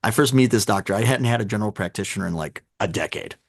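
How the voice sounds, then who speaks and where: A man chatting as a podcast guest, telling animated stories and acting out both sides of conversations. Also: lowish voice, fast. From Chicago. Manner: animated storyteller, acts out dialogue. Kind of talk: casual podcast chat. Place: home room with sneaker collection.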